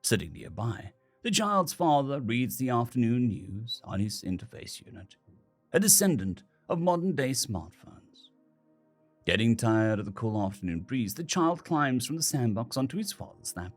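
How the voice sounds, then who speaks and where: Husky, expressive male storyteller. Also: medium pitch, normal speed. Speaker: story narrator. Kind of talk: scripted narration. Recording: faint background music.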